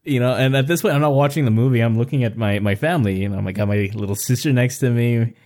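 A man co-hosting a podcast, telling a family story in a casual, animated way and acting out the voices of his relatives. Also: mid-range voice, fast. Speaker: podcast co-host.

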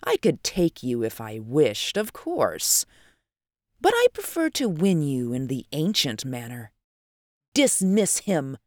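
A haughty, mocking superhuman man, as the reader puts him on in a storybook reading, grand and declaiming. The recording is dry and close, with no room sound. His commands come with lofty, unhurried scorn. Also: mid-range voice, wildly swooping pitch, a little mellow, dry recording. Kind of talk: audiobook character reading.

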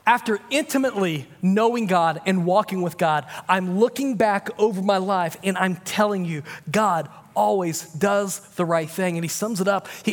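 High-voiced man preaching in a reverberant hall. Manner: emphatic preaching, shifting to casual, confiding talk. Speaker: pastor. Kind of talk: sermon.

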